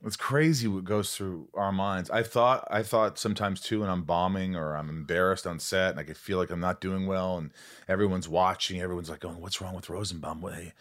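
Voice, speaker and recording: A man hosting a casual chat, animated and encouraging, swearing now and then. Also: low-pitched, a little fast.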